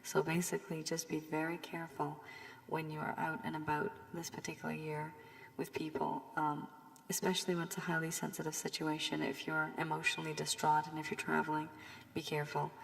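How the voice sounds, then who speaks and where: A woman with a low, gravelly voice talks through a tarot reading, still hoarse from a cold and now and then sinking to a whisper. She rambles with frequent fillers as she warns and advises. A long reverb trails behind her words. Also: completely flat delivery, a little fast. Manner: loose and rambling with many fillers, warning and advising. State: recovering from a cold, voice strained. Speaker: tarot reader. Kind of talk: casual tarot reading monologue.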